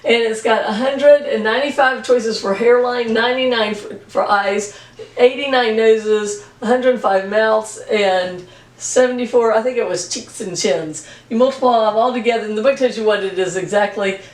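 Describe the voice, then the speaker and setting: A woman's voice: fairly high pitch, moderate pace, distant mic. A woman math teacher giving a recorded video lesson, chatty and plain-spoken with jokey asides. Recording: echoey room, voice from off-mic.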